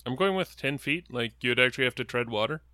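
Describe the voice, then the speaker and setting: A man narrating a tabletop game as game master, describing the scene in a measured way with frequent fillers. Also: medium pitch, lively intonation, sharp tone.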